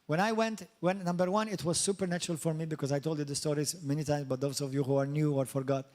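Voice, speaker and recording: A middle-aged male pastor from Malta, preaching a lively sermon in a church and often questioning his congregation or slipping into mocking high voices. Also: fast talker. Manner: animated, swings into high mock voices and asks the congregation questions. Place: church hall.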